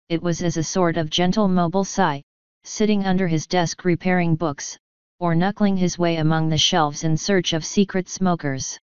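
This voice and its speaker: A woman narrating an audiobook in a measured, even storytelling manner. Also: on the low side, clean tone, no room sound, dull audio.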